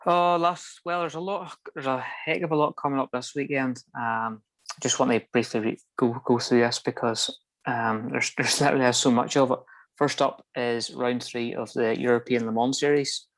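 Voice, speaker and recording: A man, co-hosting a motorsport podcast and running through the weekend's news in a rambling, brisk way with plenty of fillers. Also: medium pitch, steady tone, a bit bright. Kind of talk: casual podcast chat.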